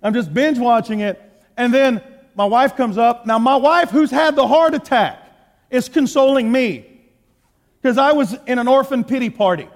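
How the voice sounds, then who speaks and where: A man with a Texan accent preaching a sermon, telling a personal story and acting out his own words, going from hushed to shouting. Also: extremely high pitch. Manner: animated, acts out quotes, swings from hushed to shouting. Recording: long hall reverb.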